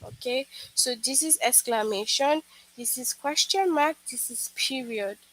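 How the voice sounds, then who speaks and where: Woman teacher, high voice, walks little kids thru a grammar lesson, keeps saying okay. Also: unhurried, fairly bright tone, rough recording. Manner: patient, repetitive, checks in with "okay?". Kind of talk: online lesson for young children.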